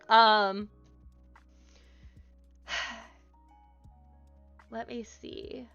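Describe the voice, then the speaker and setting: Brief: woman streamer, bright, smooth voice, chatty and filler-heavy, dull lo-fi audio with faint music. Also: a little high, measured pace. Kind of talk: casual live-stream talk.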